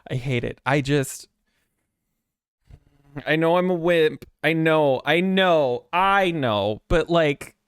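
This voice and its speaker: A man's voice: fairly high pitch, animated, takes it slowly, pauses often, clear, resonant tone, no echo, clean studio sound. A man streaming from his apartment desk, chatting in a rambling, jittery way with lots of swearing and self-mockery. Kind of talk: casual chat before a game stream.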